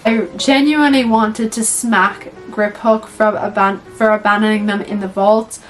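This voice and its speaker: A woman's voice: mid-range voice, steady tone, normal speed, soft background music, rough recording. A young woman, chatting casually through a film tier list, full of "like" and swearing freely. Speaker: vlogger reviewing films.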